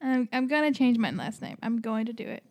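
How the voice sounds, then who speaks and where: A woman's voice: fairly high pitch, a little fast, a little hiss or hum. A woman co-hosting a casual podcast chat, teasing and laughing often.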